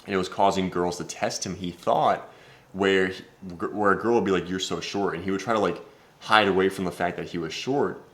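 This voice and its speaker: Brash young man with a low voice. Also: fairly even intonation, fairly quick, fairly bright tone. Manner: brash, swearing, storytelling to the viewers. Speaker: dating coach. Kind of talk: casual vlog monologue.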